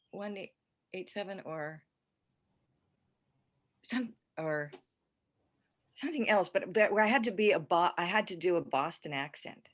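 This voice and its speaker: An older actress, a guest on a podcast, chatting casually and rambling warmly through her stories with restarts and easy laughter. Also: lowish voice. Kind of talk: casual podcast interview chat.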